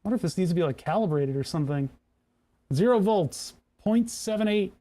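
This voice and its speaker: A man's voice: high voice, expressive, brisk, warm tone. A man who streams on Twitch, chatting casually to himself while tinkering at his workbench, grumbling and joking.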